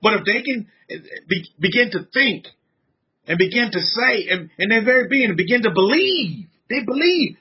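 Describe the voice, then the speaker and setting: A man's voice: high voice, big pitch swings, normal speed, slightly rough. A man giving an informal sermon as a religious teacher, fervent and conversational, with casual slang. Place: San Antonio. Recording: dull lo-fi recording.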